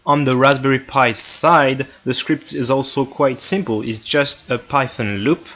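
A man's voice: medium pitch, steady tone, unhurried, pushed and bright. A man with a French accent narrating a step-by-step tutorial on his own hobby electronics project, in a plain explanatory way.

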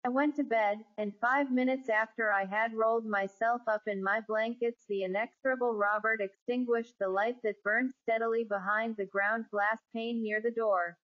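A woman narrating a classic ghost story in a measured, even storytelling manner. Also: fairly high pitch. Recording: dull lo-fi recording.

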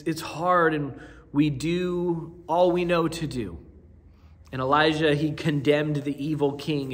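A male pastor in his thirties delivers a conversational sermon, doubling back on his words and tossing in "right?" as he goes. His voice sits a little high, and a long church reverb trails every line. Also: a bit bright. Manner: conversational preaching, frequent restarts and "right?" asides. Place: church sanctuary.

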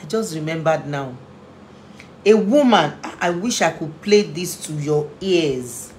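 This family therapist and inspirational speaker has a deep, slightly mellow, animated voice and a measured pace. Delivering an impassioned talk about parenting, she is emotional and pleading, repeating phrases to drive points home. There's slight background noise.

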